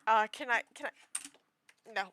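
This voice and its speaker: A woman's voice: a little high, moderate pace, very noisy. A young woman chatting casually on a stream, rambling and self-deprecating with frequent giggles. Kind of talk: casual chat.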